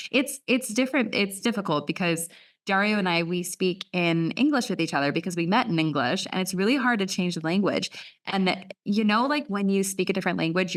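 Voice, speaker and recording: An animated young woman from the United States chats as a podcast guest, her voice pitched in the middle range for a woman. She tells her story with lively energy, laughing often and restarting her sentences. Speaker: guest author. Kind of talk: casual interview storytelling.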